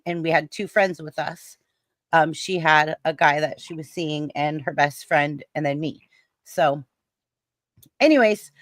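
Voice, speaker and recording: A middle-aged woman in casual chat, telling a story with lively sound effects. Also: sits low, no room sound, studio quality. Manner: animated storyteller who mimics sounds.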